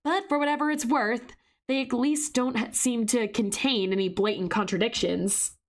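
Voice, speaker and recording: A hoarse woman reading out the narration of a brash young female investigator, sarcastic and suspicious, with a slangy, scornful edge. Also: a little high, steady tone, normal speed, close to an everyday voice. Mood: wry, suspicious. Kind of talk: reading visual novel narration aloud.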